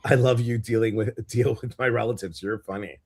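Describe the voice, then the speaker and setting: A man co-hosting a casual live-stream show, talking in a chatty, animated storytelling way. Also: mid-range voice, fairly quick, breathy edge. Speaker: co-host of a live intuitive show.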